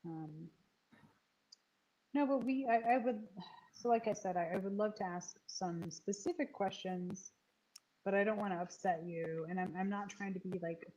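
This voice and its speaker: A woman's voice: mid-range voice, moderate pace, mellow, low-quality recording. A woman interviewing a guest in a casual stream chat, hesitant, with many fillers and restarts.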